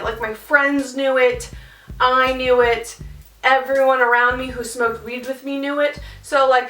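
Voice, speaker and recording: Animated young woman. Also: high-pitched, distant mic. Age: young adult. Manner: animated, swearing, filler-heavy. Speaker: vlogger. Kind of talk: casual storytime. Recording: roomy sound, off-mic.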